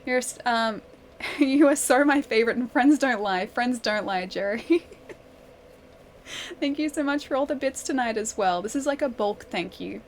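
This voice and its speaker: A young woman hosts a live game stream in a friendly, chatty way, giggling now and then as she answers her viewers one by one. Her voice sits a bit higher than most women's. A faint hiss runs under her speech. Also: normal speed. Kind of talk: casual live-stream chat.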